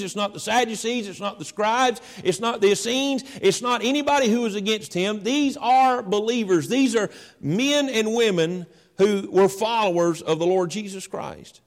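A male preacher delivering a sermon, emphatic and repetitive as he lists his points. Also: high-pitched.

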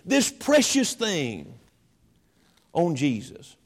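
A man's voice: fairly high pitch, huge pitch swings, drawn-out words, voice pushed down, exaggerated voice. A male preacher acting out angry disciples who scold a woman, raising his voice accusingly.

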